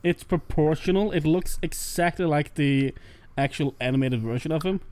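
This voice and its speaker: High-voiced man, eager casual chat. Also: moderate pace, darkish tone. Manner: enthusiastic, profane, jumps in with jokes. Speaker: podcast co-host.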